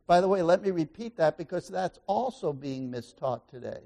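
A man preaching a sermon as pastor, asking the congregation questions and swinging between loud exclamations and quiet asides. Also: a little high, animated, moderate pace, gravelly.

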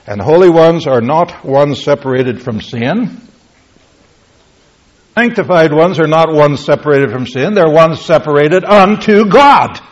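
A man's voice: a little high, breathy edge. A man preaching a Bible teaching sermon, explaining word meanings emphatically and asking rhetorical questions. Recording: lo-fi, dull-sounding recording.

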